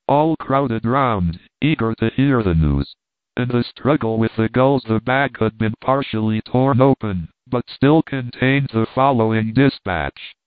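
A man's voice: mid-range voice, unhurried, no room sound. Man reading an audiobook, phone-like sound. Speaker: narrator. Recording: tinny phone-like dry sound.

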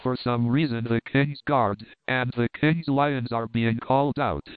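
A man's voice: mid-range voice, fairly even intonation, unhurried, smooth, no room sound, close to an everyday voice. Anxious, superstitious guide read by a man, dry phone-like audio. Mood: fearful. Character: fearful male native guide, timid and superstitious. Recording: dry, tinny phone-like sound.

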